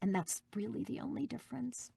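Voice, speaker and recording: A woman's voice: fairly high pitch, brisk, gravelly, dark tone, husky, no echo. Emphatic woman voice actress in a dry room. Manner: emphatic, insistent, repeats key phrases. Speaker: guest voice actress. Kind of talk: interview answer.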